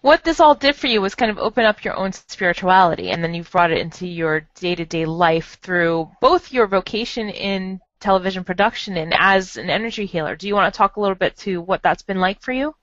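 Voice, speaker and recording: A woman hosting an interview, offering short replies and then a measured question. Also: mid-range voice, lively intonation, a bit bright, no room sound. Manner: brief listening responses, then a measured question. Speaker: interview host. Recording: dry, dull lo-fi sound.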